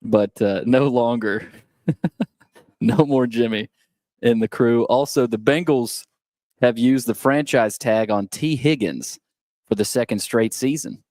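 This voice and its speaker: A man's voice: medium pitch, slow pace, darkish tone, dry recording. A man reading a sports news update on a talk radio show, conversational and with small restarts. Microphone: studio microphone.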